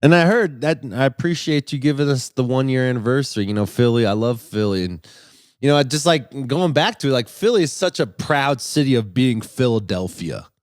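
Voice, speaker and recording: Laid-back podcast host, loose and profane. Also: male voice, mid-range voice, expressive, a little fast, no echo, studio quality. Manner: loose, profane, laughs often. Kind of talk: casual chat.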